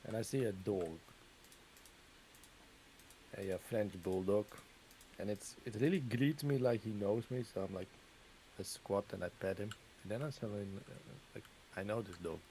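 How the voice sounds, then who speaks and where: A man's voice: on the low side, moderate pace, dark tone, a little hiss or hum, poor audio. Dutch man telling rambling stories. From Netherlands. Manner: rambling anecdotes with frequent fillers and laughs. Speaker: Minecraft streamer's guest or co-player. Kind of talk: casual chat while gaming.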